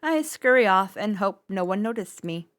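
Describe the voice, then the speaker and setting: A woman's voice: medium pitch, normal speed, smooth. Woman streamer narrating a visual novel. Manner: expressive, playful narration. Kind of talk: reading a visual novel aloud.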